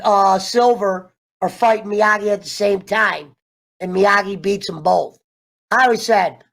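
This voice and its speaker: A man casually ranting through a TV show review, animated and profane, wandering off on tangents. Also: sits high. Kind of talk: casual rambling rant.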